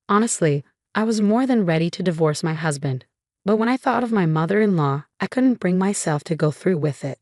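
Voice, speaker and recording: A woman reads a first-person drama story as scripted narration. Her delivery is even and measured, her voice sits lowish, and the sound is dry and close to the mic. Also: no echo.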